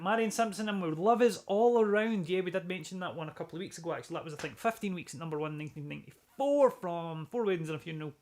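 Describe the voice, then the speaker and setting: A man from Scotland hosting a live-streamed music show, casually reading out viewer comments, joking and breaking into bits of song. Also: on the high side. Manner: chatty, jokey, swears, sings snatches of songs.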